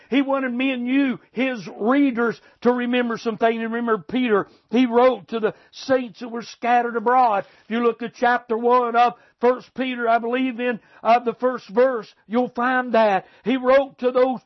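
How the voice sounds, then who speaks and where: Fervent high-voiced preacher, lo-fi. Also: male voice. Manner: fervent, emphatic, calls out to the congregation. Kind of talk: sermon. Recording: dull lo-fi recording.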